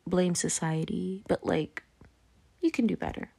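A tipsy woman rambles through her own podcast, her low voice full of gravelly fry. She keeps dropping her thread with "anyway, moving on", laughing and slipping into whispers. It is loose, chatty solo talk. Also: measured pace, mellow. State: tipsy, drunk. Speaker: podcast host. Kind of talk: casual rambling monologue.

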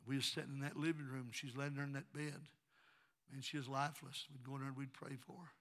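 Preacher man, bright voice. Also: medium pitch, little pitch movement, quick pace. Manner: storytelling preacher, swings from quiet narration to shouted praise. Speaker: pastor. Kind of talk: sermon. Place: church sanctuary.

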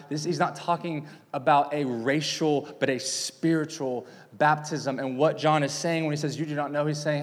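A man's voice: a little high, steady tone, moderate pace, hardly any pauses, big-room sound. A man preaching a sermon, teaching with big swings in volume and emphasis. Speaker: pastor.

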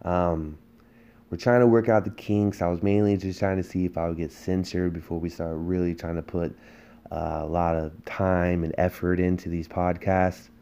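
A man's voice: sits low, little pitch movement, normal speed, warm tone, smooth. A man hosting a political podcast, delivering a heated, emphatic monologue full of rhetorical questions. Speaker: podcast host.

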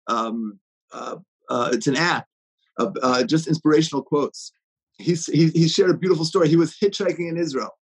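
A man's voice: a little high, normal speed, husky, rough recording. A man giving an inspirational talk, telling stories with many fillers and restarts.

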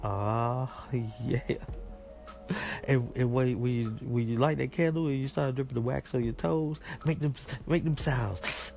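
A man's voice: mid-range voice, fairly even intonation, a little slow, creaky, a little mellow. A man hosting a casual call-in show, joking around in a playful, slangy storytelling way. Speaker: podcast host answering voice messages.

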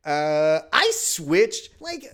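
A man's voice: fairly high pitch, huge pitch swings, extremely slow, a bit bright. A man from Wisconsin hosting a casual sports podcast, ranting in an exasperated, profane way. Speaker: podcast host.

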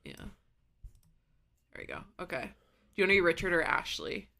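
A woman's voice: lowish voice, huge pitch swings, fairly quick, sharp tone. A woman in her twenties co-hosting a podcast over a video call, playful and joking while recapping a TV episode. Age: 20s. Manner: playful, joking, frequent laughter. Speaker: podcast co-host. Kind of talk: casual chat recapping a TV episode.

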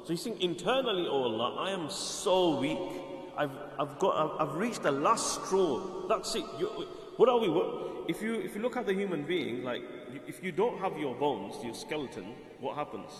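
A man's voice: fairly high pitch, animated, normal speed, a bit bright, reverberant, long reverb tail, soft background music. A man giving a sermon, earnest and explanatory, repeating phrases for emphasis. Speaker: Islamic preacher.

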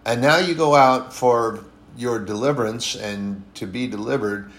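A man preaching a sermon in a conversational way, repeating phrases for emphasis and pausing to correct himself. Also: mid-range voice, a bit bright. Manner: conversational, repetitive and emphatic, with frequent restarts and apologies.

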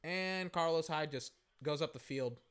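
Watching a football game, a man offers loose, rambling live commentary and calls plays with excitement as they happen. His voice is fairly high, smooth, and unhurried.

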